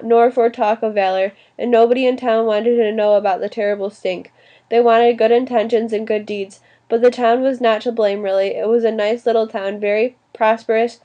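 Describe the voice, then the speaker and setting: A woman narrating an audiobook in an even, steady reading voice. Her pitch sits somewhat high, but the tone is dark and mellow. She now and then restarts a word. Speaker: audiobook reader.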